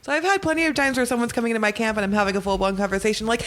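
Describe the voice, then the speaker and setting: A woman's voice: on the high side, rapid-fire, hardly any pauses. A woman guest in casual podcast chat, laughing often and swearing freely as she explains things. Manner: laughing, profane, animated storyteller.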